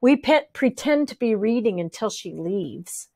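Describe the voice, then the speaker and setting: A woman's voice: mid-range voice, unhurried, dry recording, soft background music. Woman reading a children's story aloud. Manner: lively, switching voices for each character. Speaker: audiobook reader. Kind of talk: expressive children's book reading.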